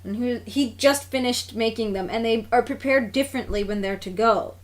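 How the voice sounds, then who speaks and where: A woman's voice: a little high, moderate pace. A young woman co-hosting a podcast, casually telling a story from her job with many restarts. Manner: animated storyteller, restarts, acts out quotes. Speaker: podcast co-host.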